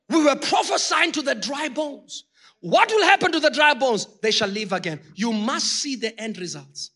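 A man preaching a sermon with passion, talking straight to his congregation and rising to shouted peaks. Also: very high-pitched, slightly rough. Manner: addresses the congregation directly.

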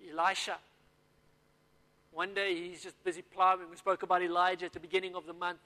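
A man's voice: sits high, flat delivery, brisk, sharp tone. A man preaching a sermon, telling stories and acting out the dialogue. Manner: storytelling with acted-out dialogue. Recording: long hall reverb.

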